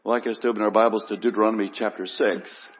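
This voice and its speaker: A man preaching a sermon in an earnest, unhurried way, piling up emphatic lists. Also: on the low side, steady tone. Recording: muffled, long church reverb.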